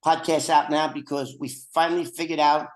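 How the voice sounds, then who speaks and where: Older male podcast host, casual and jokey, wanders off topic, a touch high-pitched, on a video call. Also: little pitch movement, fairly quick, poor audio. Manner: rambling, joking asides.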